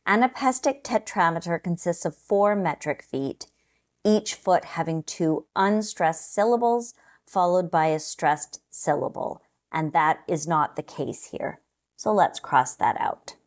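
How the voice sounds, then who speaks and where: A woman walks through practice questions in a calm, scripted lesson voice. She speaks slowly and deliberately, with a fairly low pitch, explaining each step with care. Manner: slow, measured, explanatory. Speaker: test prep teacher.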